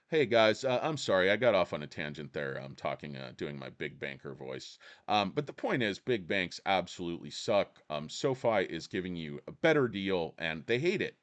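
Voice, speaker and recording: A man's voice: low voice, very animated, moderate pace, few pauses. A man hosting a stock-market livestream, ranting in a sarcastic, crude way. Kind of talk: casual livestream rant.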